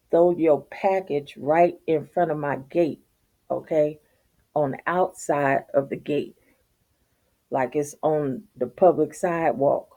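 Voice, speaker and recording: A middle-aged woman telling a story in a casual, profane, animated rant, laughing as she goes. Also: low-pitched. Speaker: vlogger.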